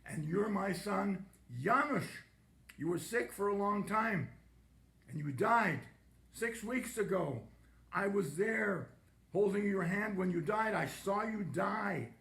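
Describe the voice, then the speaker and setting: A man's voice: high-pitched, slow pace, creaky, fairly bright tone, echoey room, heavily acted. A man reading the lines of a distraught elderly father, choked up and pleading.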